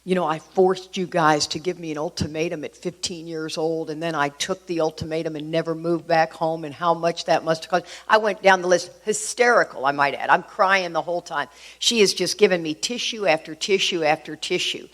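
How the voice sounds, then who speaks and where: A middle-aged woman from Houston, speaking to a recovery group, telling her story in an animated way with emphatic asides. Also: low voice, fairly quick, hardly any pauses. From Houston, Texas. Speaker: AA workshop speaker. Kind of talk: personal recovery talk to a group.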